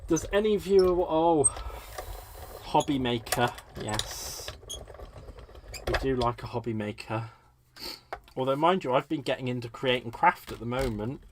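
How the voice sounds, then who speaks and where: A man's voice: medium pitch, expressive, measured pace, pauses often, a little hiss or hum. A man hosting a live crafting demonstration from his home desk. He chats with viewers in a playful, camp, teasing way while he works. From United Kingdom. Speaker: crafting livestream host. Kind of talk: live crafting demo chat.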